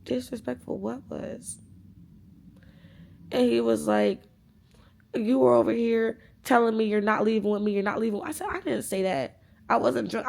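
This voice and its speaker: A young woman in her twenties talks straight to her camera in a loose storytime vlog. She is animated and profane, acting out both sides of the quoted dialogue. Her voice carries a gravelly vocal fry at a middle pitch. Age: 20s. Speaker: vlogger. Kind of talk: casual storytime chat.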